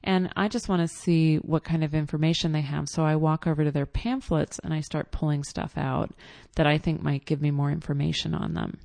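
A woman's voice: low-pitched, little pitch movement, a little fast, gravelly, darkish tone, no echo. A woman telling a casual personal story in a chatty, exasperated way with lots of fillers.

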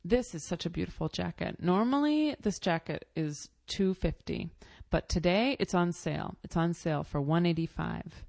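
A woman's voice: lowish voice, normal speed, gravelly, few pauses, a little mellow, no room sound. A woman voicing an eager, pushy male shopkeeper who keeps repeating his sales offers while haggling. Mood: pleading.

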